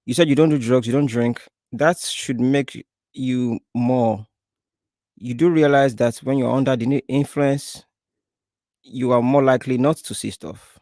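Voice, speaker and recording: A man's voice: mid-range voice, fairly even intonation, measured pace, darkish tone, no echo, studio quality. A man from Africa hosting a reaction video, cutting in with blunt, teasing remarks. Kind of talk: reaction commentary.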